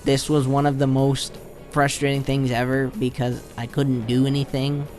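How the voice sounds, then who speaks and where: A man's voice: mid-range voice, little pitch movement, moderate pace, a little mellow, soft background music. Casual rambling gameplay commentator, man. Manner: casual, rambling, retells his own reactions. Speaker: channel host.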